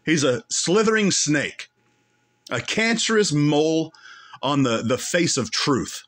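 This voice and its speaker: A man delivering a heated commentary rant, his pitch leaping up and down as he repeats his points. His voice sits a little high for a man, and he piles insult on insult with emphatic force. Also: very animated, takes it slowly, fairly bright tone. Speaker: commentary show host. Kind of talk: angry commentary on clips.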